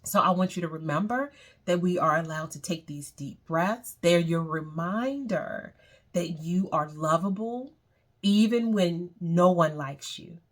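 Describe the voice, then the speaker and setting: Woman, meditation guide, unhurried delivery, lowish voice, soothing and repetitive. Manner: slow, soothing, repeats phrases.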